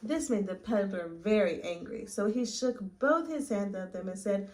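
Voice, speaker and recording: A woman reading a picture book aloud to children at story time, gently asking them questions along the way. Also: mid-range voice, normal speed, few pauses, poor audio. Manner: gentle, asks listeners questions.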